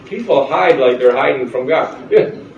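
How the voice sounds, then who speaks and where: In a church sanctuary full of congregants, a male pastor delivers a conversational sermon, laughing often and putting questions to the crowd. His mid-range voice moves at a moderate pace with some vocal fry. The distant mic gives a roomy church sound, and the recording is muffled with slight background noise.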